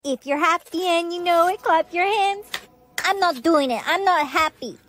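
A very high-pitched, synthetic female voice chants orders in a sing-song pattern as an eerie game voice, read out by text-to-speech. The delivery is flat and machine-made. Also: moderate pace, slight background noise. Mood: commanding. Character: commanding game voice giving deadly orders.

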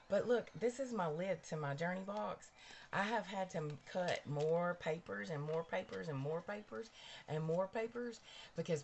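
Middle-aged woman, live-stream makeup host, chatty and effusive, lowish voice with lively swings. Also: a little hiss or hum. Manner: gushing, chatty, talks straight to viewers. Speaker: livestream host. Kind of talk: casual live-stream chat while doing makeup. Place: at home. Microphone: cabled mic near a ring light.

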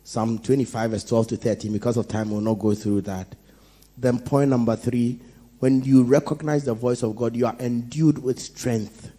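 A man with a Ghanaian accent preaching a sermon, telling stories with animated swings between soft asides and loud, laughing outbursts. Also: medium pitch, normal speed. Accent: Ghanaian English. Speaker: pastor.

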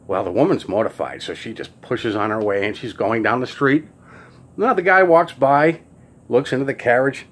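Speaking at normal speed in a slightly bright voice, a New Yorker delivers jokes and stories as a relaxed monologue. He switches into high, squeaky voices whenever a character talks.

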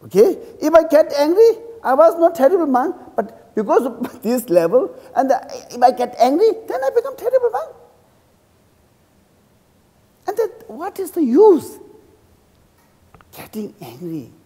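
A man who is a Buddhist monk, speaking English with a Tibetan accent as a second language. He teaches a class in halting English and keeps checking in with his students by asking "okay?". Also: very high voice, huge pitch swings, dark tone. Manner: acts out insults and praise with a laugh. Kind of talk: dharma class lecture. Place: teaching room in a cultural center. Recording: reverberant hall.

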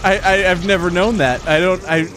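A man commentating a horror game, jumpy and excitable, with quick exclamations and frequent laughs. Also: sits high, noisy background. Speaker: gaming commentator.

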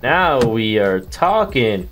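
A man's voice: mid-range voice, sing-song, takes it slowly, fairly bright tone, faint music behind. A man doing casual gameplay commentary, joking around with slang and profanity and chatting with the characters on screen. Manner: slangy, profane, jokey banter with game characters.

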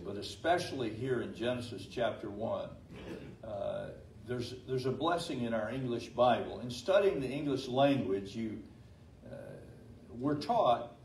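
An older male pastor delivers a sermon in a roomy, echoey space, a little off the mic with faint ambient noise behind. His voice sits at an ordinary pitch. He pauses and fills with "uh" often, then slows down and lifts his voice for emphasis. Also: a little mellow, distant mic. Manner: halting with many fillers, slows and rises for emphasis.

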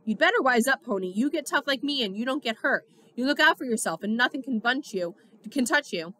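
A woman voicing a volatile teenage boy gang tough who talks loud and rough in slang. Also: high-pitched, lively intonation, a little fast, dry recording, heavily acted. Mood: raving.

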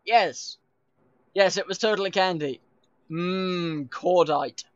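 A streamer chatting casually while playing, laughing often and explaining things with quick restarts. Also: mid-range voice, expressive, fairly bright tone, no echo. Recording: dull lo-fi stream audio.

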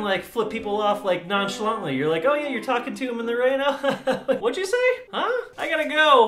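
High-voiced swearing comedic male vlogger. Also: a bit bright. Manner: profane, joking, laughs often. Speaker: YouTube host. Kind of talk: comedic product review. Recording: echoey room with faint music.

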